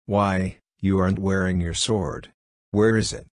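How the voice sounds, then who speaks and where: A composed French police chief, read by a man in a low, even voice. He questions people pleasantly and levelly, with dry, close sound and no room around it. The classic storybook detective. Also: a little slow, no room sound. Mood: calm. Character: shrewd French police chief, calm and probing.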